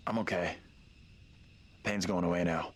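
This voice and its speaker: A man's voice: low-pitched, fairly even intonation, unhurried. An actor playing a shaken, injured young man who speaks in a subdued, uneasy way.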